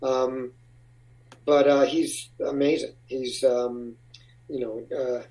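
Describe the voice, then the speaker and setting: A man's voice: medium pitch, flat delivery, slow, warm tone, far from the mic, low-quality recording. A man being interviewed about his acting career, talking casually in rambling, restarting sentences. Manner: rambling, with frequent restarts and laughs. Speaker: actor, interview guest.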